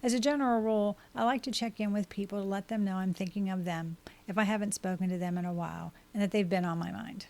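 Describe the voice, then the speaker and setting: A woman hosting a podcast, reading scripted advice in a steady, measured way as she works through a list of tips. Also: mid-range voice, vocal fry. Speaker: podcast host and life coach.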